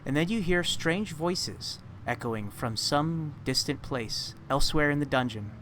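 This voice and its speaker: A man's voice: a little high, expressive, measured pace, fairly bright tone, a little hiss or hum. A man narrating a tabletop game as game master, describing scenes with many fillers and restarts.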